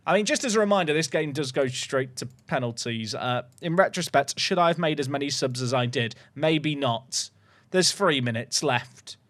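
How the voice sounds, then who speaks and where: A man commentating his own game, excitable, swinging between calm talk and sudden shouts. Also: a little high. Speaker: gaming YouTuber.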